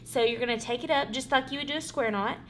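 A woman's voice: high voice, fast talker, a bit bright. A woman giving a casual, rambling craft tutorial at home, saying "y'all" and "literally" a lot. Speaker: craft vlogger. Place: home, working on a wall hanging.

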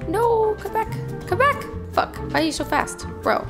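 Young woman gamer streaming, high voice, all over the place, gasps and swears a lot, music going in the background. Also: normal speed. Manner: excitable, gasping and swearing at the game. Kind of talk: casual gaming stream chatter. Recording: music playing behind her.

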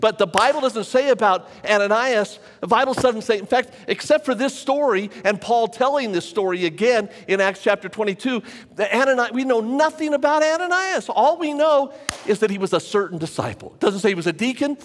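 A pastor preaching a sermon to a live congregation in a church, talking conversationally and repeating phrases for emphasis. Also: male voice, very high-pitched, lively intonation, a little fast. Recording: long church reverb.

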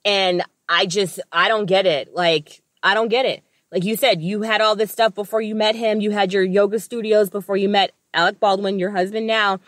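A woman's voice: mid-range voice, fairly even intonation, normal speed, few pauses, a bit bright, dry recording, clean studio sound. An American woman co-hosting a podcast, chatty and opinionated, with casual swearing. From United States. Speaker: podcast co-host. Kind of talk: casual chat.

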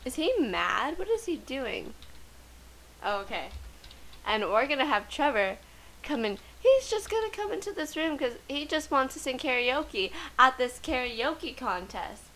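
A woman giving chatty, excitable commentary while playing a life-simulation game. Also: high-pitched, unhurried, a little hiss or hum, poor audio. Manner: chatty, excitable, gasps and laughs often. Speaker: let's play gamer. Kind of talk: casual gameplay commentary.

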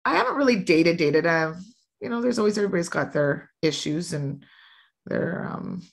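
A woman's voice: lowish voice, big pitch swings, moderate pace, gravelly. A woman in her thirties, a podcast guest, chatting candidly and acting out quotes in her stories with laughs. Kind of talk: candid casual chat.

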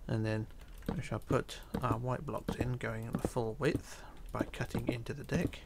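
A tired man narrating a building tutorial, counting quietly under his breath as he works. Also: medium pitch, unhurried, vocal fry, very noisy. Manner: relaxed, counting blocks under his breath, drops to near whisper. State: tired, yawning. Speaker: tutorial host. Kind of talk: casual game tutorial narration.

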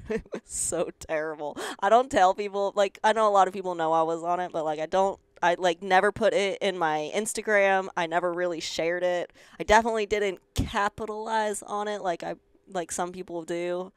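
A young woman with a thick rural Colorado country twang tells her story to an interviewer, her voice low and smooth. She talks loosely and sarcastically, swears often, and acts out the people she quotes. Her voice sounds dry and close, with no room around it. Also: steady tone, moderate pace, dry recording. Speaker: guest.

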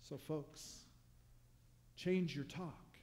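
Brief: man preaching in a church, slightly high voice, humorous and conversational, rhetorical questions. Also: fairly even intonation, drawn-out words, darkish tone, a little hiss or hum. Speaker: pastor. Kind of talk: sermon. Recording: long reverb of a large hall.

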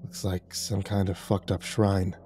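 A man's voice: sits low, flat delivery, measured pace, dark tone, a little hiss or hum. A man voicing a determined male monster hunter with a sword, blunt and tough in manner, in a horror story reading. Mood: grim.

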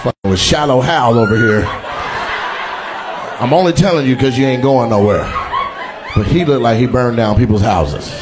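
In a very noisy recording from a comedy venue, a male comedian talks at normal speed with a medium pitch and long pauses. His crowd work is profane, roasting and brashly teasing audience members as live laughter and cheers ring out.

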